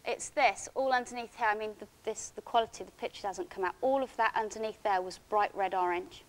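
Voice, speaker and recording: A woman giving a conference talk, recounting a personal experience in a halting, emotional way with many restarts. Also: medium pitch, rough recording. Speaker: conference speaker. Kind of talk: first-person account given as a conference talk. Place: conference hall.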